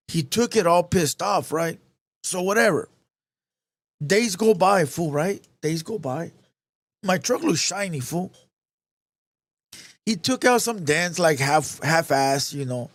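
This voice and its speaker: A man's voice: a little high, lively intonation, measured pace, no echo. A man hosting a live show, telling a heated, profane story in casual street slang, repeating himself as he goes.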